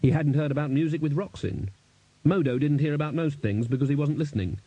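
A man narrating an audiobook in a lively, expressive reading on a close studio mic. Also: on the high side, fairly quick, slightly rough, dry recording, low-quality recording.

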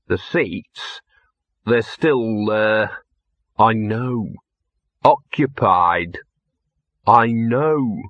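A man's voice: lowish voice, very slow, long pauses, fairly bright tone, no room sound. A man doing a grim, urgent young man. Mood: uneasy. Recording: dull lo-fi recording.

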